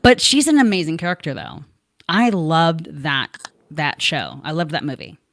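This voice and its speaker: A woman's voice: deep voice, lively intonation, moderate pace, fairly bright tone, no echo. A woman hosting a podcast, chatting casually and rambling a little with fillers. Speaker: podcast host. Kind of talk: casual chat.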